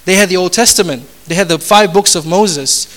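A male pastor with a fairly high voice preaches a sermon. He speaks with emphasis, repeats his phrases and often puts rhetorical questions to the congregation. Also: brisk, fairly bright tone.

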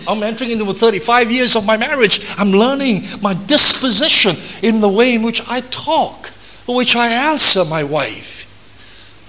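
Bright-voiced earnest older pastor preaching. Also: male voice, very high-pitched. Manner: earnest, repetitive emphatic phrasing, addresses listeners as folks. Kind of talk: sermon.

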